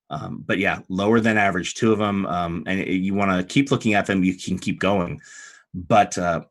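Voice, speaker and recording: A man narrating as game master of a tabletop game, chatty and relaxed, with frequent fillers. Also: lowish voice.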